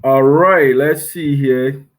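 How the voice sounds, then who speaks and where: A man with a Liberian accent hosting a casual diaspora talk show, speaking haltingly with frequent fillers and restarts. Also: mid-range voice. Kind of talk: casual online show chat.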